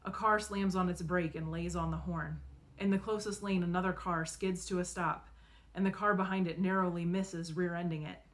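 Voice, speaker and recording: A woman narrating a novel in the first person, expressive and acting out the dialogue. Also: lowish voice, normal speed. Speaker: audiobook reader.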